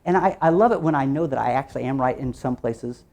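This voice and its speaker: Running a phonics training session for teachers, this energetic man's pitch leaps around quickly. He chants his way through repeated steps, asking questions and supplying the answers himself.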